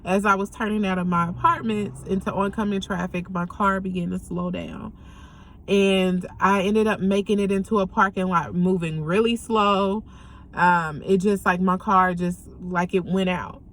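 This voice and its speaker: A woman's voice: medium pitch, fairly even intonation. Earnest young woman telling her story. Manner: halting, earnest, many pauses and ums. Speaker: vlogger sharing a personal story. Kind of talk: candid personal testimony.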